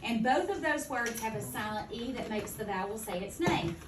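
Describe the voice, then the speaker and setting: A woman teaching a second-grade phonics lesson, speaking clearly and deliberately. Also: a little high, animated. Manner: clear, deliberate teacher talk, slowing to model words. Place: classroom. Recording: echoey classroom from far off, noisy.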